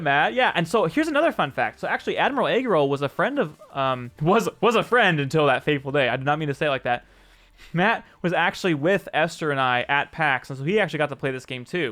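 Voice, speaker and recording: A chatty man streaming live, with a voice sitting a touch higher than most men's. He rambles with friendly asides to viewers and catches his own slips with a laugh, while soft music plays quietly behind him. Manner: chatty, answers chat by name, jokes and corrects himself. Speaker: streamer and game developer. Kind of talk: casual live-stream chat.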